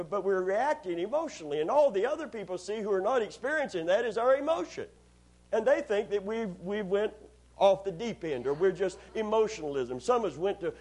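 Folksy husky-voiced preacher man. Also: sits high, darkish tone. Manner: folksy, joking, repeats words. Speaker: pastor. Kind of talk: sermon.

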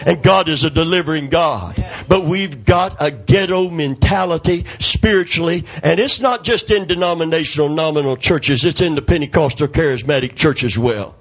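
Husky middle-aged preacher guy, kinda high voice, calls for amens and hollers in the middle of a story. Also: normal speed, few pauses. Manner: call-and-response preaching, calls for amen, storytelling, sudden shouts. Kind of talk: sermon.

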